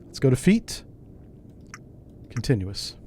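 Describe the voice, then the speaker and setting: A man's voice: medium pitch, big pitch swings, slow, mellow, slight background noise. A man hosting a gaming channel, giving casual gameplay commentary and thinking aloud in a wry, self-mocking way.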